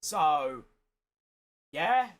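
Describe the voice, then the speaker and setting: Hoarse, tired man, high voice, casual chatty gameplay commentary, swears when annoyed. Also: sing-song, very slow, fairly bright tone, muffled recording. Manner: chatty, exasperated, swears freely. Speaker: gaming streamer.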